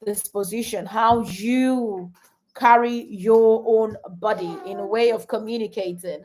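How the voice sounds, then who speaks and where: A woman coaching couples on a live stream, animated and repeating her points to the audience. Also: a little high, unhurried. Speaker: relationship coach.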